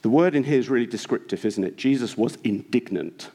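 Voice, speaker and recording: A male preacher delivers a sermon in a church with a mid-range voice. He talks earnestly and urges his listeners on, often pausing on rhetorical questions to the congregation. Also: mid-range voice, dark tone. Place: church hall.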